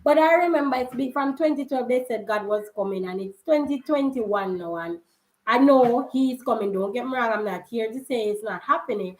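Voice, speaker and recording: A young Jamaican woman telling a story in a casual vlog, chatty and quick to laugh, slipping into patois. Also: a little high, a little mellow. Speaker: vlogger. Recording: roomy echo.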